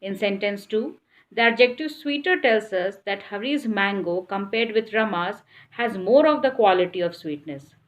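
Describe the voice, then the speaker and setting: A woman's voice: medium pitch, moderate pace. A woman explaining an English grammar lesson, patiently repeating points and spelling words out letter by letter.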